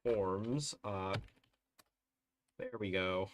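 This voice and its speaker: Man, soothing soft voice, low-pitched, unhurried, thinking aloud on a live stream. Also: a little hiss or hum. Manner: thinks aloud, mumbling and correcting himself. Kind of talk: casual live-stream commentary while modding a game.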